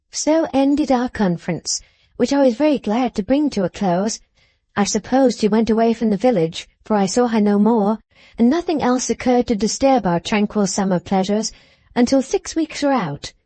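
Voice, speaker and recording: A woman narrating a classic novel as an audiobook, in a measured, composed storytelling manner. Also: on the high side, dark tone, dry recording.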